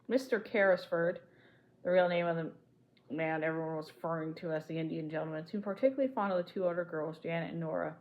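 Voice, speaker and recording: Woman reading a storybook aloud, lowish voice. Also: fast, lo-fi sound. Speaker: audiobook reader.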